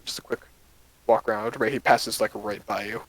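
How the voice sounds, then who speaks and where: A man with a mid-pitched voice narrates a tabletop game casually, rambling and filling pauses with ums and uhs. He sounds close to the mic in a dry, dead space. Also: fairly even intonation, dry recording, low-quality recording. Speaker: game master.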